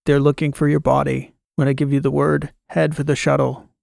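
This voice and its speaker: A man's voice: on the high side, level tone, brisk, creaky, a little mellow, no echo, studio quality. A man voicing an urgent protective machine mind. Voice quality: robotic voice. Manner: urgent commands. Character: protective male machine intelligence speaking through robots. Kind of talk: audiobook character voice.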